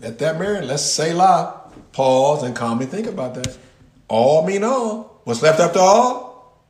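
A man teaching a Bible passage in sermon style, repeating key words with long pauses and talking back and forth with his listeners. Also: on the high side, expressive, a little mellow, echoey room, slight background noise. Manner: talks with the audience, answers their replies. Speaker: pastor teaching a Bible study.

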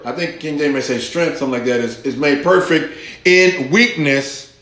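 A man preaching a sermon as pastor, slow and deliberate, rising with emphasis as he reads scripture aloud to his congregation. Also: on the high side, fairly bright tone. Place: church hall. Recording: echoey church room.

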